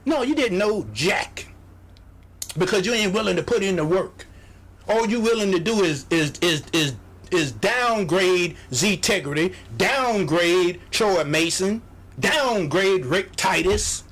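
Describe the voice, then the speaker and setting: A man's voice: high-pitched, a bit bright. A man hosting a radio show, giving a motivational sales pep talk, exhorting his listeners, repeating phrases and mimicking doubters.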